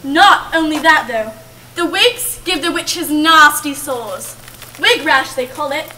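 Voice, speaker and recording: Heavily acted in a high, sharp voice, a woman's old-grandmother character warns of witches in an amateur stage play, storytelling slowly and dramatically with drawn-out, emphatic words. The doting figure sets an ominous mood on a camp stage, captured by a distant audience camera with faint hiss.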